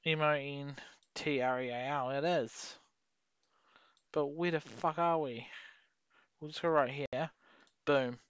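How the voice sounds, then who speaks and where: A young man giving rambling, sweary commentary while playing a geography game, with sudden excited outbursts. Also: fairly high pitch, takes it slowly, long pauses, clear, resonant tone, no room sound, lo-fi sound. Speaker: gaming YouTuber. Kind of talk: casual gameplay commentary.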